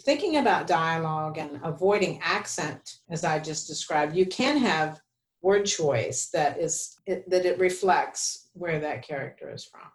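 A woman's voice: low voice, a little slow, roomy sound. A woman co-hosting a podcast, explaining writing rules in a conversational teaching manner. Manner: explanatory, gives rules of thumb. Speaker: podcast co-host.

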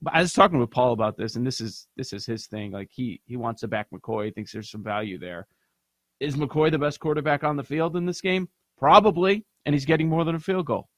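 Brisk man reading betting odds. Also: medium pitch, lively intonation, dry recording. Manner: brisk, reads odds and stats. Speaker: sports betting podcast host. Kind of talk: casual sports chat.

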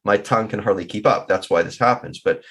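Middle-aged male guest, husky, open and reflective, stumbles over words now and then. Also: fairly low pitch, fast, a bit bright, faint music behind. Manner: candid and reflective, with occasional stammering. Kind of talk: personal storytelling in an interview.

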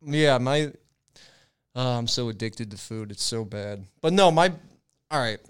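A man's voice: medium pitch, lively intonation, unhurried, smooth. Rambling, swearing young man on a podcast. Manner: loose, profane and rambling. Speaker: podcast co-host. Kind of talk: casual podcast chat.

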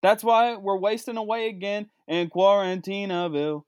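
A man delivering a sarcastic comedic rant, swinging between low mutters and high outbursts. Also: normal speed, hardly any pauses, clear, resonant tone, dry recording, studio quality. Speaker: comedic vlogger.

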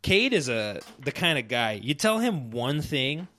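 Young male podcast co-host, lively teasing storyteller, mid-pitched voice. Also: measured pace. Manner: animated storytelling, trash talk. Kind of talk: casual banter.

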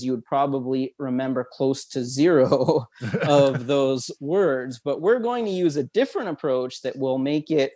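A man's voice: medium pitch, dark tone. A man, a memory expert guest on an interview, leading a listener through a visualization exercise in an upbeat, instructive way with frequent chuckles.

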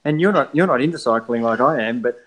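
A man's voice: mid-range voice, fast, fairly bright tone, poor audio. A middle-aged man, a father who guides cycling tours, speaking as a guest in an earnest, enthusiastic way. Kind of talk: casual conversation.

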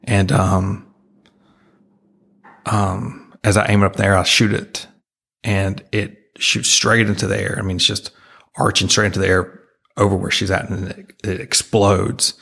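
Gravelly, husky man telling a story. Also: deep voice, flat delivery, a bit bright. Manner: halting, full of restarts and fillers; earnest, emotional retelling. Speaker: guest. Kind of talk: personal storytelling in an interview.

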